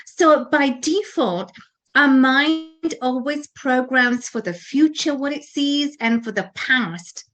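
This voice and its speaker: A woman's voice: sits high, slow, a bit bright, dull audio. A woman co-hosting a talk show, giving an earnest motivational talk with frequent restarts and fillers. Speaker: podcast co-host.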